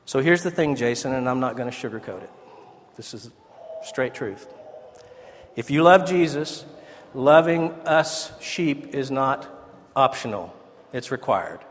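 A man's voice: mid-range voice, animated, unhurried. A man giving a conversational, earnest ordination sermon as pastor in a church. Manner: conversational, earnest, with asides and restarts. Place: church sanctuary. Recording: church sanctuary with long reverb.

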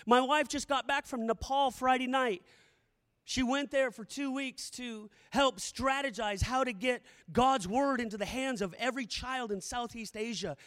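A man preaching with a strikingly high voice, moving from quiet storytelling to fervent shouted prayer. His voice rings out with a long hall reverb behind it. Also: normal speed. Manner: impassioned, swings from hushed to shouted prayer. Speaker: campus missionary preacher. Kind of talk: sermon.

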